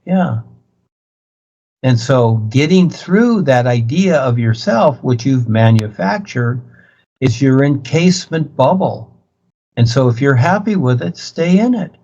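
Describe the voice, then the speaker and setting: A man's voice: medium pitch, expressive, a little slow, mellow. A man teaching on a video call, in an insistent, repetitive, preachy way. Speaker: spiritual teacher. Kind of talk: lecturing over a video call. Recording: muffled video-call audio.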